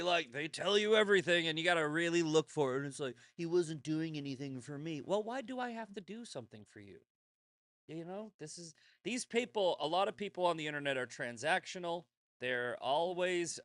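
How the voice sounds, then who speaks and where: A man's voice: on the high side, fairly bright tone, dry recording. A man hosting his own show, talking in a blunt, rambling, profane monologue full of restarts. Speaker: show host. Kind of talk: casual monologue.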